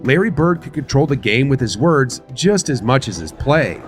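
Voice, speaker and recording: A man's voice: medium pitch, sing-song, moderate pace, over loud music. A man giving scripted narration for a sports compilation with a dramatic storytelling delivery.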